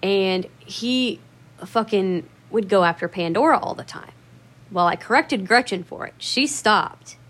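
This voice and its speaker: A woman's voice: medium pitch, a little slow, fairly bright tone. A woman telling a personal story in a casual, rambling way, swearing often and stressing her words for emphasis.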